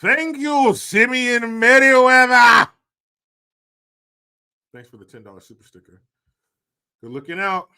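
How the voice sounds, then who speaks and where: A man's voice: extremely high pitch, expressive, unhurried, pauses often, pushed and bright, clear, resonant tone. A man hosting a livestream, joking crudely, laughing often and reading out viewer donations in casual commentary. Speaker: livestream host.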